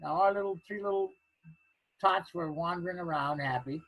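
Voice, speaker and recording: An older man telling a personal anecdote, halting and restarting, acting out the other people's lines. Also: a little high, dry recording, muffled recording. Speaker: storyteller.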